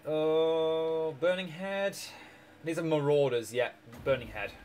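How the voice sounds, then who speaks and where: A young Scotsman streaming a strategy game rambles through casual chat, joking and laughing a lot despite his sore throat. His voice is on the high side yet darkish in tone, and slow. A little hiss or hum runs through the audio.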